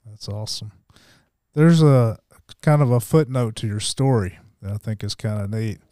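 A man hosting a podcast interview, encouraging and gently probing his guest. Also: fairly low pitch, moderate pace, no room sound, clean studio sound. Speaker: podcast host.

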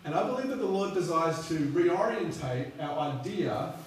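A man's voice: a little high, expressive, normal speed. A man preaching a sermon, telling a story in a chatty, rambling way with lots of fillers. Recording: echoey hall, distant mic, faint hum.

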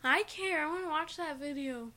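High bright giggly young woman. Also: moderate pace, slight background noise. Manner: giggly, exasperated storytelling. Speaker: podcast host. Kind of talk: casual home podcast chat.

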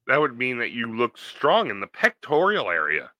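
A young man co-hosting a podcast, teasing his friend with playful, quick comebacks. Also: medium pitch, huge pitch swings, pushed and bright, no echo. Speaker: podcast co-host. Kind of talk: casual banter.

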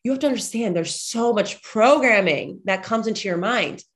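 Animated, chatty woman telling stories. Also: on the high side, normal speed. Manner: animated, chatty storyteller, blunt and profane at times. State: slightly congested. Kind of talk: motivational monologue with personal stories.

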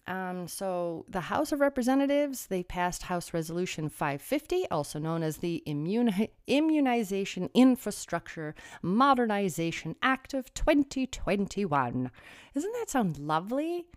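A woman's voice: medium pitch, sing-song, measured pace, hardly any pauses, no room sound, clean studio sound. A woman delivering a sarcastic political commentary monologue, full of rhetorical questions.

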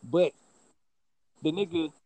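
A man chatting casually about rap and regional style, musing in a loose, drawn-out way and often asking "you know what I'm saying". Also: fairly high pitch, dark tone, dry recording.

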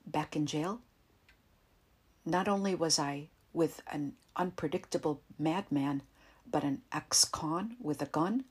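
A woman narrating a first-person story in a quiet, tense, measured way. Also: sits low, slightly rough.

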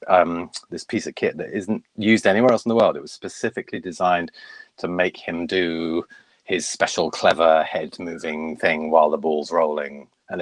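A man's voice: sits low, dry recording. A middle-aged man, a puppeteer, chatting enthusiastically on a video call from his home loft. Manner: chatty, enthusiastic, self-deprecating. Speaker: puppeteer guest. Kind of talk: casual interview on video call.

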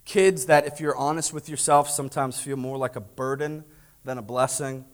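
A man preaching a sermon, telling a lively story and acting out family dialogue, then asking the congregation direct questions. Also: mid-range voice, moderate pace. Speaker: pastor.

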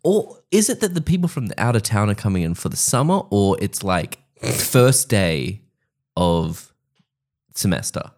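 Man, very low voice, casual comedy riffing, jumps into character voices. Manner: animated, acts out characters in quick asides. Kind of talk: casual improvised comedy chat.

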